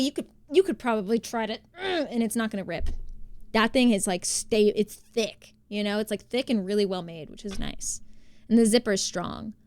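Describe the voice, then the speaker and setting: A young woman talks loosely to her stream, circling back on herself with fillers and restarts. Her voice sits a little on the high side. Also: no echo. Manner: rambling, chatty, many fillers and restarts. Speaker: livestreamer. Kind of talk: casual live-stream chat.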